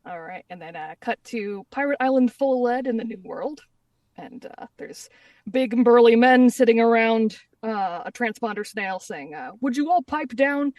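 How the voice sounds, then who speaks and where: A woman guest on a podcast, recapping a manga chapter casually and haltingly, with many fillers. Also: on the high side, a little mellow, no echo, far from the mic.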